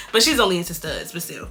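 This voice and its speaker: A young woman from California chatting bluntly and with plenty of swearing while doing a makeup tutorial. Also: on the low side. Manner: blunt, profane, animated gossip. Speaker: beauty vlogger.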